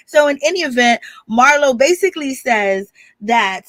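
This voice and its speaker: A woman's voice: high voice, moderate pace, dry recording. A woman giving a casual, chatty recap of a reality TV episode and often laughing. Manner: chatty, animated, laughs often, uses "baby". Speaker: reality TV commentator.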